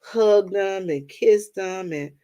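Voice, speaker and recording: A woman's voice: mid-range voice, slow, warm tone, muffled recording. Chatty woman livestream host. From Washington, D.C. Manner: chatty, storytelling, addresses viewers as y'all. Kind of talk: casual chat with viewers.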